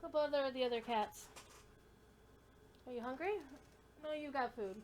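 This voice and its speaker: A woman's voice: high voice, moderate pace, pauses often, a little mellow. A woman streaming a game, chatting casually and cooing at her kitten while the game loads. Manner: coos and baby-talks to a kitten between game remarks. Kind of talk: casual gameplay stream chat. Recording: faint background noise.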